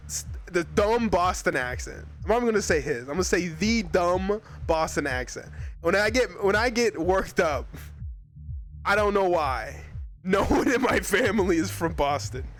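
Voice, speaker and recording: A man's voice: high-pitched, a bit bright. A young man from Arizona chatting casually with his live chat as a streamer, rambling and laughing often.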